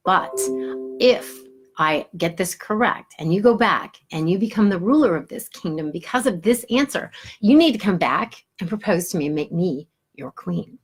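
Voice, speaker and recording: A woman storyteller lends her voice to a mysterious old crone from a forest tale. The crone speaks low and hushed with a knowing, unhurried calm. The voice sits a little lower than the teller's own. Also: husky, soft background music. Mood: bargaining.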